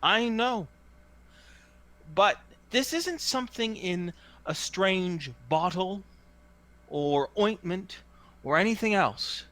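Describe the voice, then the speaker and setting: A man voicing a slick male hawker who gives a drawn-out, grandiose sales pitch. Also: animated, sharp tone, heavily acted. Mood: persuasive. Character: slick male toad-fortune hawker, showman.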